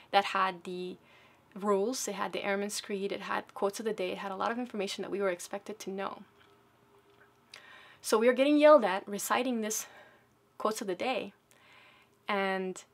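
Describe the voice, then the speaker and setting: A woman telling a personal story as a speech, dramatic, dropping from loud bursts to hushed, near-whispered moments. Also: medium pitch, creaky.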